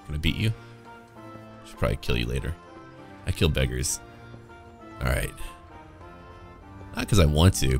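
Male game streamer with a lively, swooping delivery. Joking, irreverent, casual play-by-play to chat. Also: deep voice, vocal fry. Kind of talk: casual gameplay commentary.

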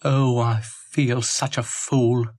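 A grumpy, self-pitying shaggy dog from a storybook record, as a man puts him on, whining and wheedling in a raised, swooping voice. The delivery is slow and drawn out, and the sound is close and dry. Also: a little high, sing-song, no room sound, pitched above the performer's own voice. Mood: sulky. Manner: whiny, sulky, wheedling.

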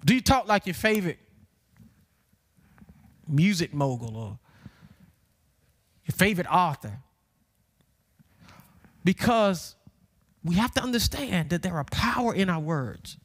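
Southern male pastor with a high voice and a country twang, preacherly sermon delivery that rises to shouts. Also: sing-song, unhurried, long pauses. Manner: preacherly, building to shouted emphasis, says y'all.

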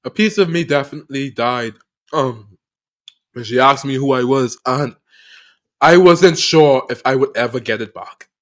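A man hosting a podcast, telling a personal story of loss in an emotional, halting way, often repeating phrases, with earnest faith. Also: mid-range voice. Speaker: podcast host.

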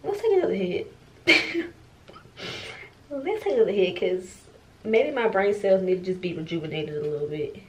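A woman's voice: mid-range voice, expressive, moderate pace, dark tone. A young woman talks to her viewers in a get-ready-with-me vlog. She is casual, frank and profane, poking fun at herself. She is recorded at home on a phone or camera mic with a faint hiss behind her. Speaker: vlogger.

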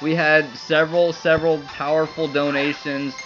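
A man's voice: fairly high pitch, flat delivery, moderate pace. A young man livestreaming, crying and laughing as he thanks viewers for their support. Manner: overjoyed, laughing and tearful, breathless thanks. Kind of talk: excited livestream commentary. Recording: dull lo-fi stream audio with faint music.

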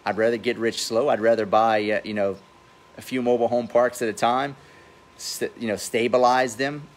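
A real estate investor and host in his forties hands out blunt, profane business advice during a casual livestream by his outdoor pool. His voice is medium-pitched with a steady tone and moderate pace, and he says he has a funny accent.

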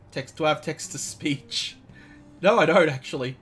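A man's voice: a little high, moderate pace, fairly bright tone, soft background music. A man in casual game commentary, chatty and jokey, often stumbling over words. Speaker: let's play streamer.

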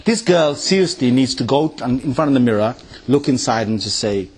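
A man giving a lively religious lecture in an animated, mocking, conversational way. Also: medium pitch, a little fast, husky. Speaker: Islamic lecturer. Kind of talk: lively sermon-style lecture.

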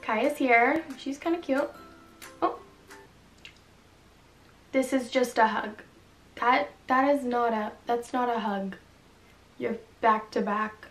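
A woman's voice: a little high, slow, pauses often, far from the mic. A young woman giving sarcastic, chatty commentary while playing a story game and reading its lines aloud. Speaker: gaming vlogger. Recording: echoey room, voice off-mic, music behind.

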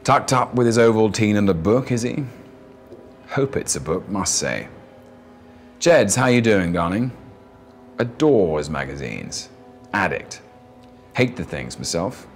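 A man's voice: deep voice, big pitch swings, unhurried, vocal fry, faint music behind, heavily acted. A man voicing a wealthy older Englishman who speaks in a lazy, upper-class slur and clipped phrases. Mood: lazy, drawling. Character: lazy, rich older Englishman, drawling arms dealer.

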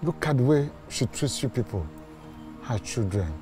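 A man's voice: mid-range voice, animated, moderate pace, music in the background, close to an everyday voice. A Nigerian actor playing a poor father, bitter and pained that he cannot provide for his children. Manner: pleading, emotional, bitter.

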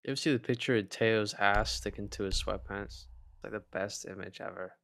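A man's voice: fairly low pitch, fairly even intonation, brisk, gravelly, a bit bright. A man joking and telling silly stories with friends during a shooter game. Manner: goofy, puts on silly voices. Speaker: gamer. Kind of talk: casual gaming banter.

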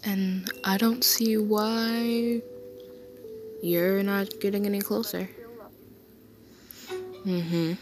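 A woman voicing an affectionate young man who soothes his partner to sleep in a soft comfort role-play, tender and reassuring. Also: medium pitch, level tone, extremely slow, long pauses, music in the background.

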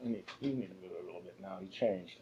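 A man's voice: low-pitched, quick pace, warm tone, dull audio. A man co-hosting a whiskey and cigar review, chatting casually in a joking, easygoing way. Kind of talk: casual chat.

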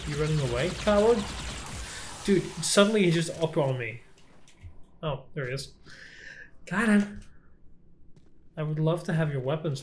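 A young man talking through a shooter game as he plays it for the first time, his fairly high voice jumping into yelps and curses whenever he is startled. Faint room ambience sits behind him. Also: a little hiss or hum. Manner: jumpy, swears often, yelps when startled. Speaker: gameplay streamer. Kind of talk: first-time playthrough commentary.

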